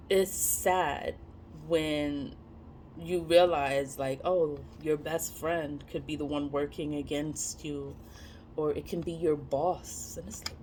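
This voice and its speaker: Young woman, casual vlog rant, blunt and profane, frequent laughter, faint background hum. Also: medium pitch. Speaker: vlogger. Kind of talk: casual monologue to camera.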